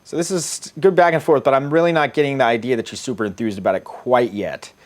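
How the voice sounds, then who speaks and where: A man's voice: medium pitch, fairly even intonation, quick pace. Wry, rambling middle-aged man. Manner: wry, rambling, profane, laughs at his own jokes. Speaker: dating coach. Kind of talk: casual commentary reading out dating-app messages.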